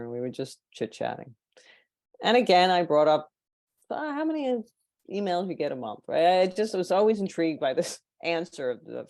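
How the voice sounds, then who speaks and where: A woman's voice: sits low, no echo. A woman guest on a podcast, telling anecdotes in casual chat and acting out the people she quotes. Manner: animated, acts out quoted people. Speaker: podcast guest, marketing consultant.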